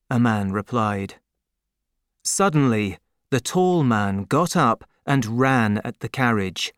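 Slow, expressive audiobook narrator. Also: medium pitch, clean tone, no echo, clean studio sound. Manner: measured, expressive storytelling. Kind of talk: scripted narration.

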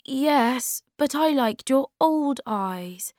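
A woman voicing a gentle, honest young male troll creature in a raised, earnest voice. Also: sits high, lively intonation, slow, no room sound, clean studio sound, pitched above the performer's own voice.

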